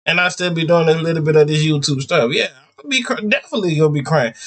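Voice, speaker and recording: Animated high-voiced man in his thirties. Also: a little fast, husky. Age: 30s. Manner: animated, rambling, slangy, jumps between high and low pitch. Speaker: reaction video host. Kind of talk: casual reaction commentary.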